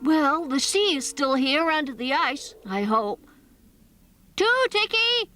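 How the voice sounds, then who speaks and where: A gentle, curious little troll boy with a very high, lively voice, played by a woman. He talks earnestly and a little puzzled, bright and clear in tone. A soft cartoon music score plays behind. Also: measured pace. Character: young male troll, gentle, curious and kind. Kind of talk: cartoon voice acting.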